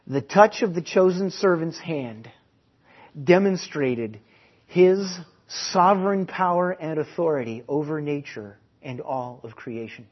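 A man preaching with a somewhat high, husky voice. He swells into emphasis, then drops to a near hush. The recording is dull and muffled. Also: animated, a little slow. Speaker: pastor. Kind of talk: sermon with dramatic reading.

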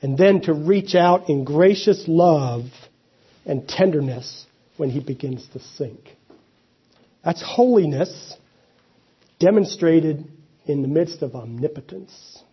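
A man's voice: a little high, expressive, slow pace, pauses often, husky, highs cut off. A man preaching a sermon, reading scripture and then explaining it in a conversational way, with asides and restarts. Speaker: pastor.

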